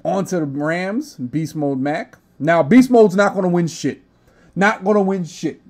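Young man, podcast host, casual gaming chat, brash and profane, slightly high voice. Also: a little slow, darkish tone. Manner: brash, profane trash talk.

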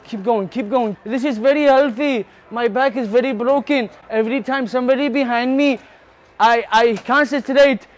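A man's voice: extremely high pitch, moderate pace. Desi guy begging strangers for help, over the top and whiny. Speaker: prankster. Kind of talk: prank video in public.

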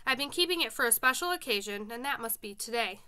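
A woman reading the lines of a calm, generous young colonial man who is wounded, in a gentle, steady audiobook voice. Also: a little high, quick pace, clean tone.

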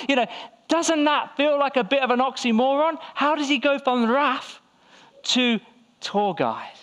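High-voiced man preaching a sermon. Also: measured pace, fairly bright tone, clean tone. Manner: conversational, rhetorical questions, acts out quoted voices. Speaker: pastor. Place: church hall.

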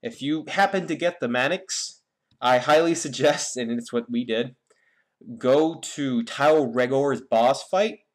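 A man's voice: mid-range voice, a little slow. A young man giving a casual, rambling game guide with many fillers and restarts. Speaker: gaming YouTuber.

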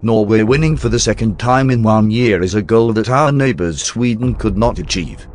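A man's voice: on the low side, normal speed, darkish tone, a little hiss or hum, close to an everyday voice. A man playing an older king delivering a mock jury address, stately with teasing asides. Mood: regal teasing. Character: older male king, regal yet joking.

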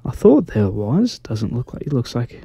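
A man giving soft-spoken ASMR gameplay commentary, gentle and easily flustered, full of quaint little exclamations. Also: mid-range voice, wildly swooping pitch, moderate pace, creaky, slightly rough, dry recording. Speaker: gaming YouTuber.

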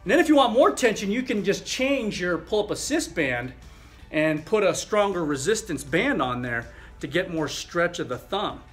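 A middle-aged man with a fairly high voice walks viewers through a thumb exercise as a chiropractor. He talks loosely, with fillers, as he demonstrates each movement. Faint music plays underneath. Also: big pitch swings, normal speed.

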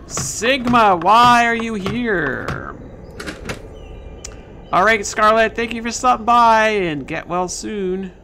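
With slight background noise and faint game music, a let's-play gamer offers casual commentary on a puzzle game, bantering with the characters on screen. His medium-pitched voice is expressive, bright, and forceful, and he speaks slowly.

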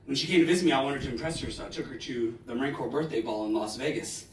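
A man in his forties giving a live motivational talk, telling stories dramatically with bursts of loud emphasis. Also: mid-range voice, quick pace, a little hiss or hum. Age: 40s. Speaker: motivational speaker. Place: large lecture hall. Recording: roomy hall, distant mic.

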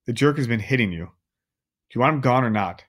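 A man's voice: mid-range voice, animated, fast talker, fairly bright tone, natural voice. A man voicing a determined teenage boy who speaks urgently and insistently.

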